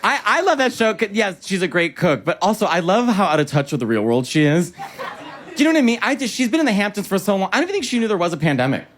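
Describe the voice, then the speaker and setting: American male stand-up, high lively voice, noisy live room. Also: fast talker, over a noisy crowd. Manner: animated, mimics voices mid-bit. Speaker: stand-up comedian. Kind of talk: stand-up set. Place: comedy club stage. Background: audience laughter.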